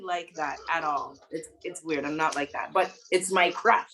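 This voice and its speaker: A woman guest in a casual interview, retelling a story in an animated, dramatic way and laughing often. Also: low-pitched, normal speed, few pauses.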